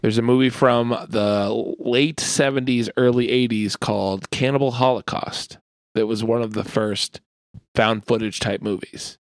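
A man's voice: mid-range voice, steady tone, measured pace, no room sound. A man co-hosting a casual movie review podcast, talking in a laid-back, hesitant way with many fillers. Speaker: podcast co-host.

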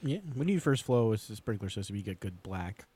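A man from making quiet, trailing remarks in a casual chat. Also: fairly low pitch, expressive, fairly quick, crowd noise. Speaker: podcast co-host.

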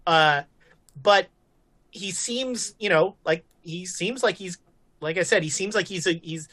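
A woman running a tabletop horror-western game as game master, narrating slowly with many fillers. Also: lowish voice, a bit bright. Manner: slow, filler-heavy narration.

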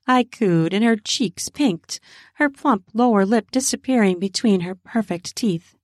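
A woman narrating an adult audio story in a slow, intimate reading. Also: mid-range voice, animated, a little mellow, no echo, studio quality.

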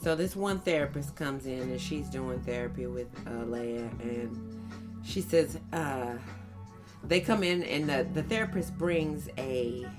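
A woman telling funny family stories on a podcast, acting out her toddlers in high little voices. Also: measured pace, over music. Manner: animated storyteller, acts out toddlers in high voices. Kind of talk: casual chat.

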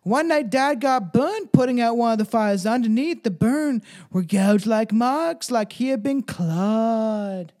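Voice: mid-range voice, a little slow, hardly any pauses, a little mellow, pitched above the performer's own voice, natural voice. A podcaster voicing a young British woman as they read out her account of a haunting, in a put-on British accent. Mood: dramatic. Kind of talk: dramatized quote reading.

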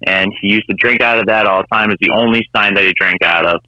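A man leaving a rambling voicemail for a show, telling a long joke in a relaxed storytelling way. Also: on the low side, fast, no room sound. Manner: rambling storyteller, chuckles at own punchline. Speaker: caller. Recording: dull lo-fi phone voicemail.

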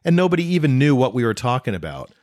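A man's voice: medium pitch, very animated, fast talker, a little mellow, no room sound, clean studio sound. A man telling a road-trip mishap story in casual chat with his partner, joking and correcting her as he goes. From not from the South.

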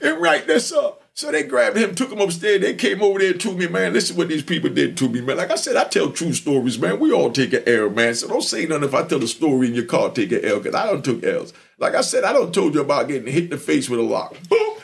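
A man hosting a show, telling a story in an animated, streetwise way and repeatedly checking in with the listener. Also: fairly high pitch, fast, gravelly, hardly any pauses. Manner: animated, streetwise, repeats "you know what I mean". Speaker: podcast host telling stories. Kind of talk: storytelling monologue.

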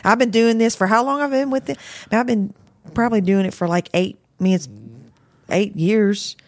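A woman's voice: medium pitch, a little fast, no echo. A chatty woman talks as a podcast guest and laughs often. She cuts in when a thought strikes her. Her voice is recorded dry and close on a studio microphone. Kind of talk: casual chat.

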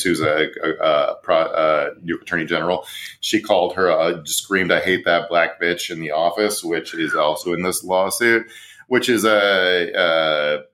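Man, low-pitched, sardonic, casual podcast co-host, political chat, laughs at own jokes. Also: a bit bright. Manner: wry, sardonic, laughs at his own points.

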